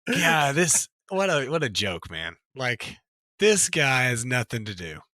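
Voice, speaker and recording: A young man co-hosting a podcast, joking in an animated way and often repeating himself. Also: mid-range voice, unhurried, no echo, studio quality. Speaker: podcast co-host. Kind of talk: casual chat.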